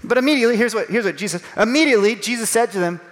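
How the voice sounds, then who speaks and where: A male pastor giving a sermon in a conversational, animated way, acting out little voices as he tells the story. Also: high-pitched, very fast, long reverb tail.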